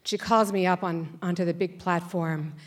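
A woman's voice: lowish voice, steady tone, moderate pace. A woman in her sixties telling a wry personal story on a stage before a live audience, acting out the voices of the people in it. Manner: conversational, wry, acts out voices.

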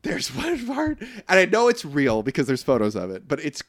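A man's voice: a little high, huge pitch swings, normal speed, no room sound, clean studio sound. A man co-hosting a podcast, ranting sarcastically in a casual movie review chat and acting out scenes. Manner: ranting, sarcastic, acts out scenes in quoted voices. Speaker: podcast co-host.

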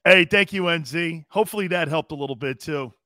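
Man, sports talk host, high voice, dry close sound, rowdy and jokey, live stream chat. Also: no room sound. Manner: animated, joking, profane, quick to laugh. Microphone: studio mic he adjusts himself.

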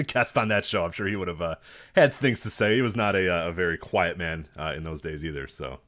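Male co-host, fast and expressive, low-pitched, casual banter. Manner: animated, laughs, does mock voices. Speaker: podcast co-host. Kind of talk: casual chat.

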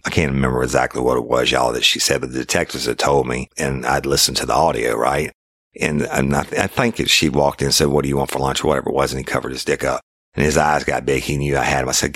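Detective storyteller, middle-aged man, very deep voice, profane and blunt, dry close sound. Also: quick pace, no echo. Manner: blunt and profane, loud and heated when quoting himself. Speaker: police detective recounting a case. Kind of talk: casual storytelling to listeners.

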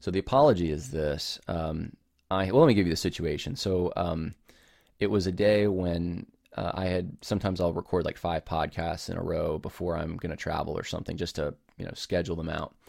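A man hosting his podcast alone speaks a little fast in a low, darkish voice with vocal fry, casually apologizing and rambling through restarted sentences as he explains himself. The home setup with a camera gives studio-quality sound with no echo.

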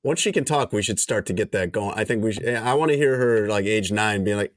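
A man's voice: on the low side, fairly quick, hardly any pauses, dry recording. A middle-aged man hosting a podcast in casual chat, chiming in with his own experience. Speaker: podcast host.

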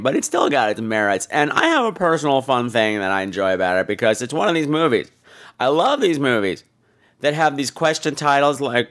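A man hosting a podcast, giving a campy, profane and animated comedic film review. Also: medium pitch. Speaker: podcast host.

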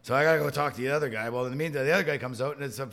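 A man's voice: medium pitch, racing, vocal fry, fairly bright tone. Man telling profane, rambling stories. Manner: acts out quoted voices. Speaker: podcast regular. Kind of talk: casual chat.

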